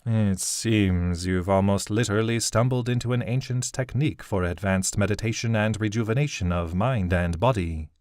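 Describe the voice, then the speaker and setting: A man voicing an old, fatherly elven king and seer who speaks in a measured, grave way. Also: lowish voice, darkish tone, no room sound, studio quality, close to an everyday voice.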